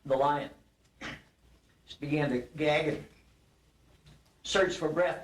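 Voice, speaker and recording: A man's voice: on the high side, fairly even intonation, takes it slowly, long pauses. An older man giving an acceptance speech at a banquet, telling a folksy animal joke in a storytelling manner. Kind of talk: after-dinner speech with a told joke. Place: banquet hall. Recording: roomy hall recording from a distance.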